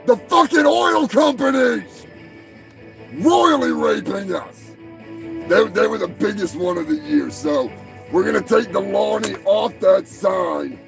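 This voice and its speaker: A man with a high, gravelly voice tears into people in a crude, profane comedy rant. He talks in a loose, mocking way and breaks into shouting when he gets worked up. Soft music runs faintly behind him. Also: animated, slow pace. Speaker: podcast host.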